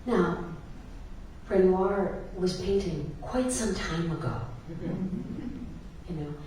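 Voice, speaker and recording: A woman's voice: lowish voice, animated, slow pace, darkish tone, a little hiss or hum. A woman minister giving a sermon in a church, telling stories with laughs and filler words. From Ireland. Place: church sanctuary. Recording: echoey church hall from a distance.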